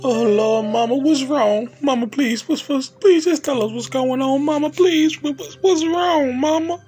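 A performer playing an excitable, melodramatic daughter in a comedy sketch. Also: high-pitched, measured pace, soft background music. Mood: pleading. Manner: melodramatic, wailing. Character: excitable daughter, loud and dramatic.

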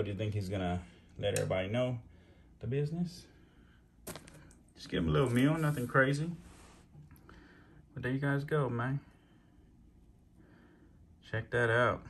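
A man's voice: medium pitch, normal speed, long pauses, fairly bright tone, slight background noise. A man hosting a casual vlog, slangy and hyped, swearing freely. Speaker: channel host.

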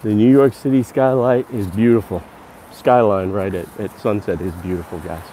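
Climbing stairs in a hillside park at dusk, a man narrates a casual walking-tour live stream, panting as he chats to viewers he calls guys. His voice is on the low side and dark, at normal speed, with a little hiss or hum.

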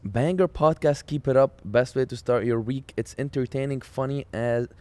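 A young man co-hosting a casual chat podcast, laid-back and playful, quick to laugh. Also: medium pitch, darkish tone, dry recording. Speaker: podcast co-host.

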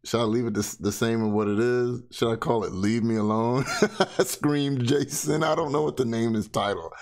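A man's voice: mid-range voice, moderate pace. A man giving blunt, sarcastic casual commentary, swearing freely and keeping his voice down. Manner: talks softly. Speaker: reaction commentator.

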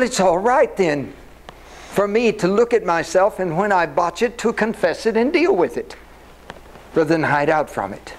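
Older man, storytelling talk, high lively voice, faint noise behind. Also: rough recording. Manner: animated, personal storytelling. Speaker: speaker.

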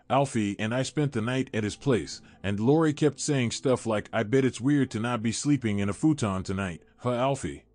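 A man giving a steady, measured scripted narration of a horror story. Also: mid-range voice, no room sound. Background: faint music.

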